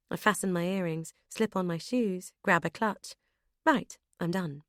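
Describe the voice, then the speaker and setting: Woman narrating an audiobook, dry and low. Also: unhurried, no echo. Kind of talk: scripted first-person narration.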